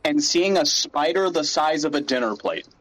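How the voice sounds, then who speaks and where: A man in casual chat at a gaming table, blunt and quick to joke. His voice sits a little high. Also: a bit bright. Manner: blunt, laughing banter. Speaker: player.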